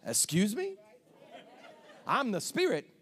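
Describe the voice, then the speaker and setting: A male pastor preaches with an emphatic delivery, and his voice is very high. His pitch leaps around animatedly as he swings from shouted lines to soft asides. It has the fervor of a live sermon. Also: wildly swooping pitch, slow, slightly rough, a faint crowd.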